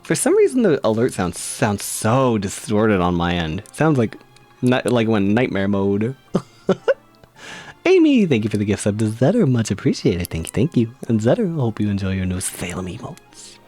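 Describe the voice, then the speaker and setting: A man's voice: fairly low pitch, wildly swooping pitch, moderate pace, darkish tone, faint music behind. A man streaming live, chatting casually and reading tarot cards, giggly and rambling with frequent laughs.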